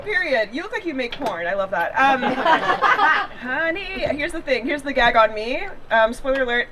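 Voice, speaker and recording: A man's voice: very high-pitched, heavy background noise. A man doing a stand-up set in an outdoor backyard, campy and flamboyant, teasing the crowd. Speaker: stand-up comedian. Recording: loud audience laughter. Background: crowd laughing.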